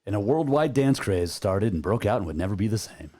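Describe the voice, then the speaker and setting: A man's voice: on the low side, expressive, brisk, warm tone. A man hosting a sports talk radio show, chatting casually and rambling a bit with plenty of filler words.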